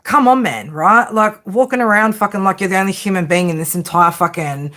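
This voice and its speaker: A woman's voice: mid-range voice, fairly quick, bright, forceful tone. An Australian woman giving a live tarot reading in casual chat, blunt and sarcastic, swearing heavily and ending lines with "right?". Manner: keeps tagging lines with "right?". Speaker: tarot reader.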